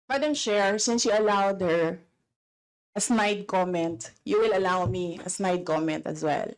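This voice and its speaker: A woman's voice: mid-range voice, a little slow, low-quality recording. A woman with a Filipino accent, answering questions at a formal hearing in a combative, insistent way, often cutting in.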